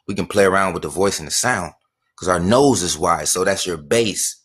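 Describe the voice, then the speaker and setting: A man's voice: deep voice, moderate pace, a bit bright. A man holding forth on a casual livestream, insistent and repetitive. He hammers the same phrases again and again and throws out rhetorical questions. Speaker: livestream host.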